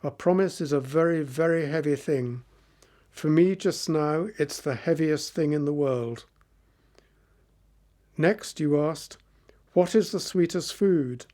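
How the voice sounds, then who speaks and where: A man's voice: on the high side, warm tone. A man reading the part of a wise, sincere young prince in a storybook. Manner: measured, heartfelt.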